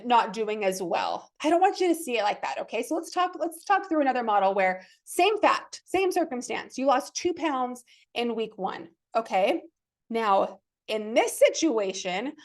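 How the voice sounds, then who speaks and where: A woman with a high, light voice hosting a fitness podcast. She talks in a chatty, enthusiastic way and acts out people's inner thoughts as she goes. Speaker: fitness coach and podcast host. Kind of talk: casual motivational podcast talk.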